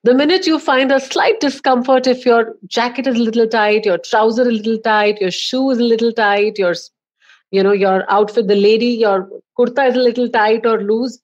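A woman's voice: fairly high pitch, steady tone, normal speed, lo-fi sound. A woman with an Indian accent, a communication coach giving emphatic, instructive advice with examples in a podcast interview.

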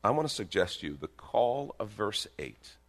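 A man preaching a sermon in a church, animated, with bursts of emphasis and joking asides. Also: fairly low pitch, normal speed. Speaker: pastor. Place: church sanctuary.

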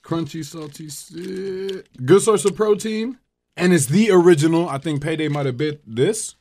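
A man chatting casually while taste-testing snacks with co-workers, throwing in quick jokes. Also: on the high side, darkish tone. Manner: joking, quick one-liners. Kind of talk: casual chat.

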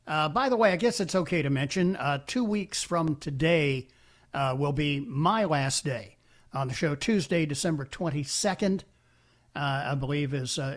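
A man's voice: fairly high pitch, fairly bright tone. Older man hosting call-in talk radio. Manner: halting, many uhs and restarts.

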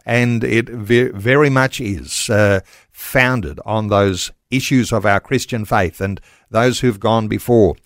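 A man hosts a Christian radio interview, reflective and measured. His pitch sits in the middle range. The studio recording is close and dry. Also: no room sound. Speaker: radio host.

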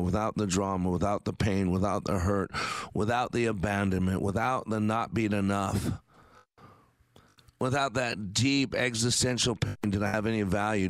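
Earnest fifty-something radio host, low voice. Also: male voice, smooth, no echo. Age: 50s. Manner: earnest, preachy, with many fillers and restarts. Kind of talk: faith-based talk radio.

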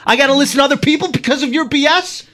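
Guy doing a threatening mob heavy, fake italian-american, bright and sharp, wild swings up and down. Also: on the high side, lively intonation, brisk. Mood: furious. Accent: Italian-American imitation. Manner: loud, menacing, clipped. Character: hot-tempered male mobster, threatening. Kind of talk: comic movie-scene reenactment.

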